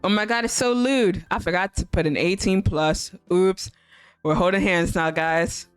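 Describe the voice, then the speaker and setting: A woman's voice: on the low side, normal speed, clean tone, no room sound, soft background music. A young woman streaming a visual novel, reading it aloud and chatting in a giggly, gushing way.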